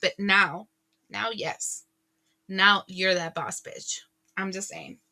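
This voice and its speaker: A woman giving a casual tarot reading to her viewers, chatty and animated, often laughing and exclaiming. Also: mid-range voice, takes it slowly, vocal fry, background noise. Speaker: tarot reader.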